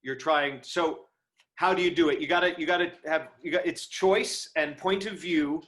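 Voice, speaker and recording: A man's voice: fairly high pitch, normal speed, a bit bright. A man giving a casual online lecture on performing verse, thinking aloud with many ums and restarts, recorded over a video call. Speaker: acting teacher. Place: home setup on a video call. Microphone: video call microphone.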